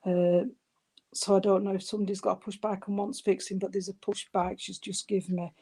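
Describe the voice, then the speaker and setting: A woman, working as a spiritualist medium and giving a spirit reading at a service. She talks gently and soothingly, calling the listener sweetheart and darling, and often stops and restarts her sentences. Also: medium pitch, little pitch movement, fairly quick, slightly rough. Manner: hesitant, with frequent restarts.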